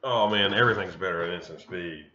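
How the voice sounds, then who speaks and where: A man's voice: sits low, fast talker, pushed and bright. A man casually commentating his own card game, thinking aloud to himself. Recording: roomy, dull lo-fi mic.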